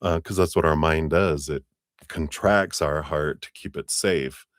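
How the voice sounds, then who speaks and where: A man with a very low, deep voice gives a live tarot reading in a loose, rambling way, full of fillers and self-amused laughs. The sound is close and dry with no room around it. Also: a little slow, dry recording. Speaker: tarot reader.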